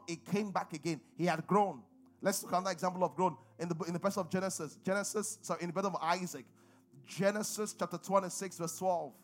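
A middle-aged man with a Nigerian accent preaching a sermon and calling on the congregation to respond. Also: sits high. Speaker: pastor.

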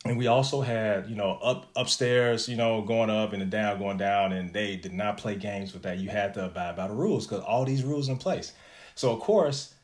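A man's voice: lowish voice, moderate pace. A man telling a story in a casual chat, laid-back and slangy, with plenty of cursing.

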